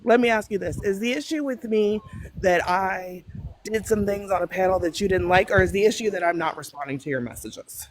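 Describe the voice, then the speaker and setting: A woman's voice: mid-range voice, a little fast, slight background noise. A woman with a stuffy cold, arguing insistently on a live panel and repeating herself to cut in. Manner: interrupting, insistent, repeats phrases. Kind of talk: heated live panel argument.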